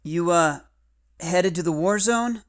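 A woman's voice: on the low side, slow pace. A woman voicing a shy, tired young man.

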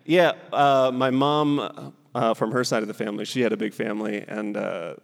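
A man in his thirties from Southern California, performing animated stand-up comedy and then chatting as a guest. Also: lowish voice, moderate pace, vocal fry, big-room sound. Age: 30s. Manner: animated, acts out friends in put-on voices. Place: stage in a hall with a live audience.

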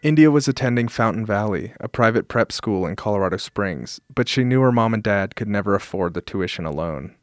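A man narrating a documentary podcast, in a measured, scripted delivery. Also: on the low side, animated, no room sound, clean studio sound.

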